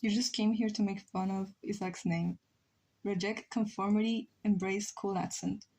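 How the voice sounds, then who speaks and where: A woman's voice: mid-range voice, fairly even intonation, moderate pace, creaky, dark tone, slightly rough. A woman, a native Spanish speaker with a Spanish accent, chatting casually with her stream while she draws and thinking aloud as she rambles. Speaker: live streamer.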